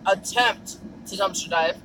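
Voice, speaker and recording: A woman's voice: mid-range voice, unhurried, background noise. A woman vlogging in a car and at dumpsters, chatting casually and telling a story in fits of giggles. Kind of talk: casual vlog chat.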